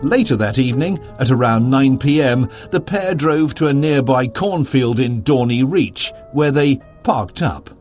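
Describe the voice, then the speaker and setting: Guy reading doc narration, steady and plain, music behind. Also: mid-range voice, unhurried. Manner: steady, matter-of-fact. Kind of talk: scripted documentary narration.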